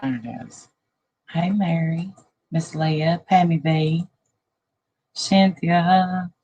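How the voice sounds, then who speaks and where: A woman's voice: lowish voice, very slow, mellow, muffled recording. Tired, sad-sounding woman livestreaming. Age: middle-aged. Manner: loose, rambling talk with restarts. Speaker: livestream host. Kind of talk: casual livestream chat greeting viewers.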